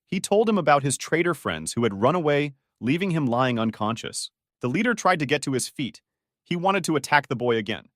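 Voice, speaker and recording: A man's voice: fairly high pitch, big pitch swings, fairly quick, fairly bright tone, no echo, clean studio sound. A man narrating a story recap in a scripted, dramatic storytelling manner.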